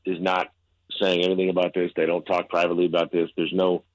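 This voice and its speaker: A man appearing as a sports reporter guest on a radio show, talking in a relaxed, rambling way and laughing easily, sounding tired. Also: deep voice, fast talker, no room sound, rough recording. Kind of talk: casual radio interview.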